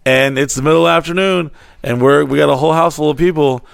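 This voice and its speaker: A man's voice: fairly high pitch, quick pace, creaky, no room sound, clean studio sound. A man on a podcast telling a wild story in casual, heavily profane chat and acting out the quotes. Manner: animated, swearing freely, acting out quotes.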